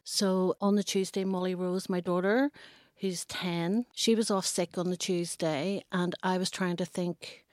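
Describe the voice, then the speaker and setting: A middle-aged woman tells a personal story in an interview. Her voice sits a little low and her manner is earnest, with small hesitations. The recording is dry and close, with no room sound. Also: little pitch movement, measured pace, darkish tone, no echo. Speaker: interviewee, mother.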